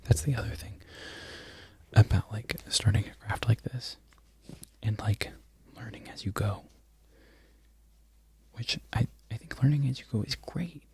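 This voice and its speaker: A man in a whispered ASMR ramble who loses his train of thought and laughs softly at himself. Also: fairly low pitch, a little slow, long pauses. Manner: mostly unvoiced whisper. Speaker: crochet content creator.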